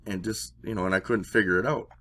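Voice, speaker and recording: A man telling a personal story in a casual, rambling way. He swears and gets excited when he acts out dialogue. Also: fairly low pitch, fast. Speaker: interview guest.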